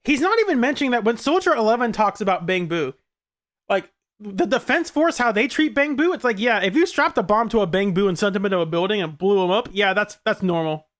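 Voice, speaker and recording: A woman streamer rambles through casual reaction commentary, often breaking into giggles. Her pitch swings about freely as she talks. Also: animated. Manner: rambling, giggly, quick to laugh. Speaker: gaming streamer.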